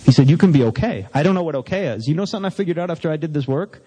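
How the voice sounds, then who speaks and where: A man with a somewhat high voice tells his recovery story with candid, self-mocking humor. His words ring out with a long reverb through a large meeting hall. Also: animated, racing, mellow, husky. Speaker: recovery speaker.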